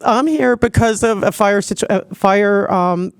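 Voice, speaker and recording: A woman from Los Angeles giving a public comment at a city commission meeting, choked up and tearful, pleading earnestly with halting restarts. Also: mid-range voice, smooth.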